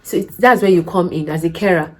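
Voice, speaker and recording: Animated woman giving career advice. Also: on the low side, a little fast, breathy edge, rough recording. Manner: animated, acts out quoted dialogue, emphatic rhetorical questions. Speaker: care worker giving job interview advice. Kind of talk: casual advice vlog with storytelling.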